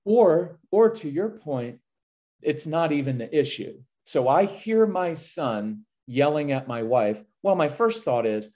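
A man's voice: medium pitch, normal speed. A man guesting on a podcast, giving parenting advice and acting out what he says to his kids. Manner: energetic, acts out parent and child lines. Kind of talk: casual podcast conversation.

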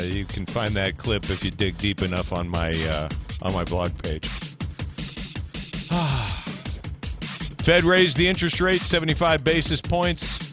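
A man hosting a talk radio show, giving blunt, opinionated commentary. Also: fairly low pitch.

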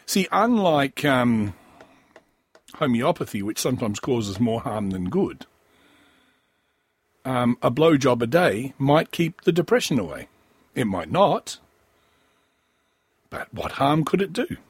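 Wheezy, husky man riffing crudely. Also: medium pitch, big pitch swings, slow, pauses often, no echo. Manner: crude, rambling, sardonic, with frequent coughs. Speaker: podcast host. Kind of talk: profane comic riffing on a news story.

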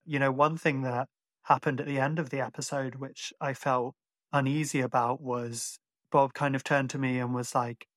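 Chatty Irish podcast host, dry sound. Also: male voice, medium pitch, flat delivery, moderate pace, dry recording. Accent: Irish, mixed and hard to place. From Ireland. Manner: chatty, rambling, lots of "like". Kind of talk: casual chat.

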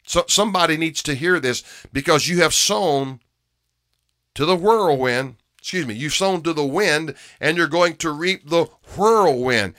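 A man preaching a sermon with emphasis, repeating key phrases and dropping from loud to hushed. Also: a little high, unhurried, no room sound, clean studio sound.

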